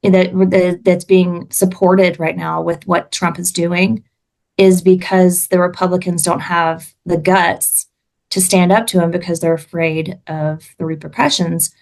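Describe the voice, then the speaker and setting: Woman, from Alabama, podcast guest, impassioned, restarts a lot, low-ish voice. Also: little pitch movement, measured pace, creaky. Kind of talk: casual conversation.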